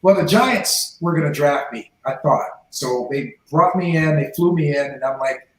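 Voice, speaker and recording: A fairly high-pitched man at normal speed, a former pro football player in his forties, shares his life story on a podcast and dramatizes the quoted dialogue. The recording is echoey.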